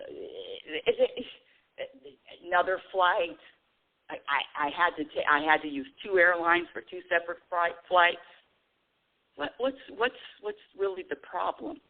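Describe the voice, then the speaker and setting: A middle-aged woman hosts a spiritual call-in radio show over a tinny phone line. Her pitch swoops and jumps as she talks. She laughs often and acts out her own past words with drama. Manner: animated, laughing often, quoting herself dramatically.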